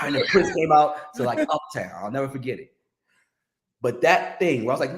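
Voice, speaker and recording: Speaking a little fast at a medium pitch, this middle-aged music-business guest spins casual stories and performs the quoted voices with animation. The recording has a reverberant quality.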